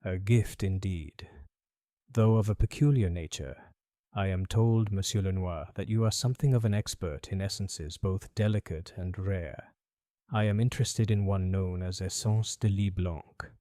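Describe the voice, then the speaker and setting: A man playing a keen, cool-headed detective in an audiobook, speaking in a crisp, measured and probing way. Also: low voice, warm tone, no room sound, clean studio sound, natural voice. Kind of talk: audiobook character voice.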